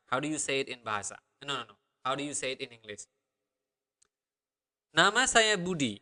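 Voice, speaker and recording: A man teaching a language lesson online, upbeat and repeating phrases slowly for learners to copy. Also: mid-range voice, lively intonation, bright, forceful tone.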